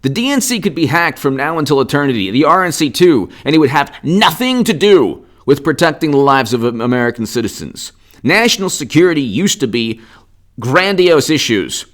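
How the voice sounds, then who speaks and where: A man's voice: fairly high pitch, very animated, fairly quick, a bit bright. A man giving unscripted political commentary in a combative, indignant and sarcastic rant.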